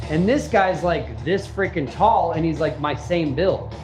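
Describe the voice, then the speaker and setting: A man casually telling a personal story, animated and repetitive, acting out what people said and the punches. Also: on the high side, unhurried, few pauses, roomy sound, music in the background.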